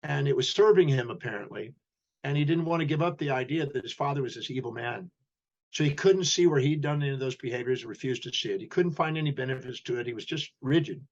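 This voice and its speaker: A man's voice: medium pitch, fast talker, darkish tone, highs cut off. A man, a human behavior specialist, telling a story as a podcast guest and acting out the dialogue.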